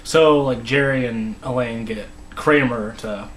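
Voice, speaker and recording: A man talks through a sitcom episode in a loose, halting way, restarting sentences and letting his voice sink into mumbles. His pitch sits in an ordinary middle range. A faint hiss runs under the recording. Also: poor audio. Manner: rambling, halting, many restarts and trailing mumbles. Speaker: episode reviewer. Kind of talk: casual solo recap.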